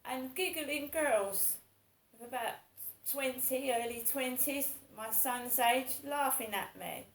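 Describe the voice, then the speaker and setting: A woman's voice: high voice, slow, hardly any pauses, reverberant, a little hiss or hum, low-quality recording. A woman in her fifties talking in a casual monologue, rambling and repeating herself in an aggrieved way. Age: 50s. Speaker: vlogger.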